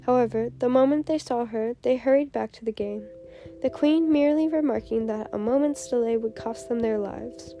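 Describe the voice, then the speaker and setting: A woman narrating a storybook in a measured, clear reading. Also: fairly high pitch, dark tone. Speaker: audiobook narrator. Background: background music.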